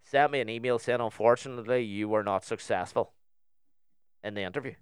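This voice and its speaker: A man's voice: mid-range voice, fairly quick, clean tone, no room sound, studio quality. A young man with a Northern Irish accent, telling a story in casual chat on a podcast and acting out both sides of the conversation.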